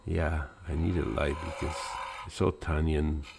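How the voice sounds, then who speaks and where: Casual hobby-channel host, male, very low voice, easygoing rambling narration, faint shop noise behind. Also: normal speed, creaky. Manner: relaxed, rambling, with fillers and chuckles.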